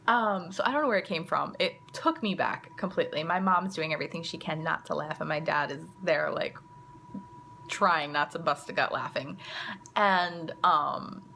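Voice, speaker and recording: Chatty mom with a gravelly low voice. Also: female voice, normal speed, pushed and bright, a little hiss or hum. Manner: chatty, lots of "like" and "you know". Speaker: mother and vlogger. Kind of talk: casual storytelling to camera.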